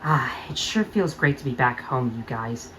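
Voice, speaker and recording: A woman voicing a cheerful female train engine back home, in a fan-made audio drama, speaking lively and grateful. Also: very deep voice, moderate pace, a little hiss or hum, poor audio. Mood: glad.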